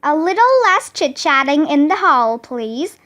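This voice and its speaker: Woman doing a schoolteacher, calm, gently firm, slow, orderly. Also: sits high, heavily acted.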